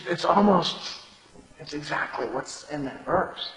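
A man's voice: on the high side, lively intonation, measured pace, a bit bright. A man preaching a sermon, explaining scripture in a conversational way and reading verses aloud. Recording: echoey hall with long reverb.

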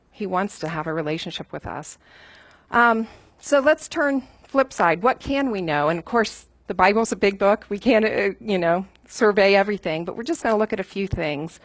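A woman's voice: mid-range voice, dry recording. Conversational woman teaching Bible study. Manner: conversational, with everyday anecdotes and filler ums.

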